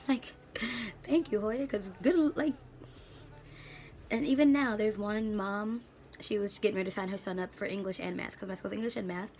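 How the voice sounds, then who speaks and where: A woman in her late twenties, an English teacher, ranting in a casual vlog with sassy, animated storytelling and slang. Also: mid-range voice, a little hiss or hum. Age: late 20s.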